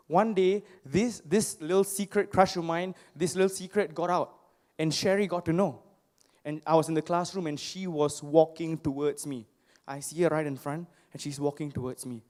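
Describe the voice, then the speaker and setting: A young man speaks from a stage to a live crowd, his voice pitched high. He tells personal stories with animated, playful self-mockery and often asks the audience questions. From Singapore. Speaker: motivational speaker.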